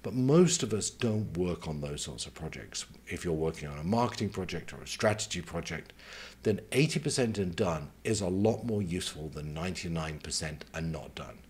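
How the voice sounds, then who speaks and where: A man speaking as a career mentor, giving advice in a measured, conversational way and taking his points one at a time. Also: deep voice, expressive, a little mellow, husky.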